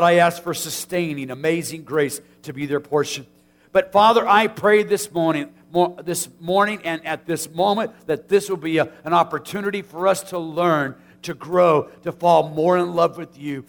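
A man with a notably high voice leads a funeral service as pastor, moving between scripture and prayer. He speaks earnestly and from the heart, his phrases sometimes catching and starting over. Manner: earnest, heartfelt, with halting restarts.

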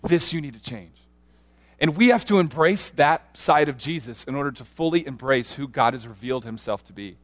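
A man preaching a sermon as a pastor, earnest and animated, often restarting his sentences as he tells stories. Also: medium pitch, a little fast, few pauses.

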